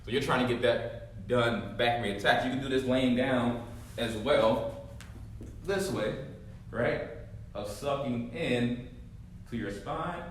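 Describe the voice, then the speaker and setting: Guy fitness coach walking you through core moves, keeps saying right?, mid pitch, super echoey room. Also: slow, pauses often, slight background noise. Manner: coaching, often ending with a checking "right?". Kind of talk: exercise demonstration. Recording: very echoey room, mic far off.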